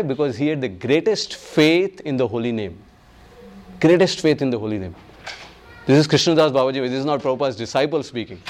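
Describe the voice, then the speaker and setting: A man teaching a devotional class on scripture. He speaks with emphasis and often repeats his key phrases, and he voices the people he quotes. His pitch sits in an ordinary middle range. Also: darkish tone. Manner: chants verses slowly.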